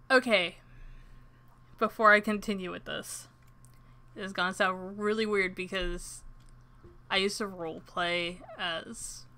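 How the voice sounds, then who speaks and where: A young woman chatting casually while livestreaming a game, talkative and quick to poke fun at herself. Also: mid-range voice, bright, forceful tone. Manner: chatty and self-deprecating. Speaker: streamer.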